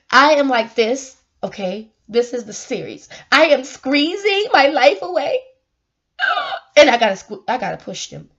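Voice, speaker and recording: A woman with a fairly high voice vlogs to her viewers, earnest and preachy, laughing often between points. The recording sounds dull and lo-fi. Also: sing-song, slow, long pauses, a bit bright. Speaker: vlogger giving life advice. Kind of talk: casual emotional monologue.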